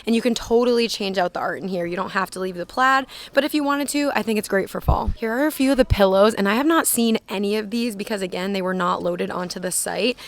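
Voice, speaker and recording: A woman's voice: medium pitch, fast talker, hardly any pauses. A young woman filming a casual walkthrough in a big store, chatting loosely and reading out prices as she goes. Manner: chatty, lots of "like", reads out prices. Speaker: shopping vlogger. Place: inside a large retail store.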